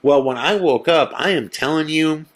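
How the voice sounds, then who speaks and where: A male podcast host retelling a spooky personal story in a casual, animated way, acting out his own and his friends' lines, with lots of fillers. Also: a little high, normal speed. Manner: animated retelling with quoted dialogue, many fillers.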